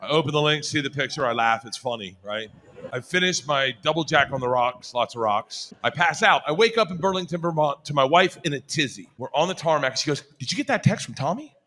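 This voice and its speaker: Man, stand-up comic, laughing storyteller, fairly high voice, noisy live recording. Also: lively intonation, a little fast. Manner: laughs while telling, builds to shouts. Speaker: comedian.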